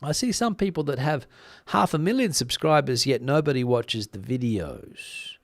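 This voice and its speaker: A man's voice: medium pitch, normal speed, vocal fry, no room sound, clean studio sound. Chatty man hosting a live stream. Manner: relaxed, chatty, frequent uh fillers. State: slightly worn voice. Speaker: YouTube news channel host. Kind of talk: live stream chat with viewers.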